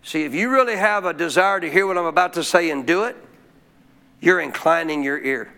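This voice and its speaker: A man with a high voice preaches a sermon to his church. He keeps calling out questions to the people in the pews, checking that they are still listening. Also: brisk, vocal fry, bright, forceful tone, clean tone. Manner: calls out questions to the congregation. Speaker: pastor.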